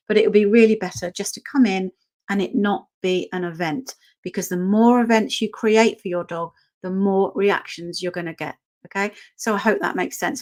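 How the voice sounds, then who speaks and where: Woman, dog trainer, runs a casual online workshop, keeps asking "okay?". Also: medium pitch. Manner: conversational, checks in with "okay?" often.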